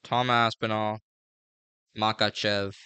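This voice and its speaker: Bright, clear-voiced man rambling casually. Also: on the low side, little pitch movement, slow pace, no room sound. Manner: rambling, filler-heavy, slangy. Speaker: MMA fight previewer. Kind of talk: casual fight breakdown.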